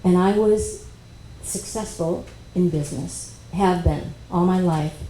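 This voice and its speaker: Woman workshop speaker, dark low voice, storytelling in an echoey hall with faint hiss. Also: takes it slowly. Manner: animated, conversational, with quoted dialogue. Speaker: speaker at a spiritual expo workshop. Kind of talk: personal storytelling talk. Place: expo workshop room. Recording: echoey room with faint noise.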